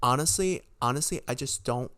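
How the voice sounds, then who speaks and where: A young man rants through a casual storytime, piling on fillers and curses as his disbelief spills out. His voice sits at a middling pitch and comes across smooth and clear. The recording is dry and close. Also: brisk, fairly bright tone, no echo. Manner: rambling, heavy filler words, frequent swearing; exasperated, incredulous. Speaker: podcast host.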